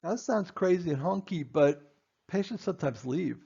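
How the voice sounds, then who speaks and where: A man's voice: high-pitched, expressive, moderate pace, creaky, mellow, breathy edge, dull audio. A man, a dentist, giving a stern training lecture to his assistants, emphatic and repeating his points.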